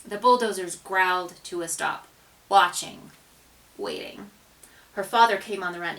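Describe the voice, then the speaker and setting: A woman reading a children's picture book aloud, with expressive, dramatic narration and hushed asides. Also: on the low side, a little slow, long pauses, distant mic, poor audio. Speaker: storybook reader.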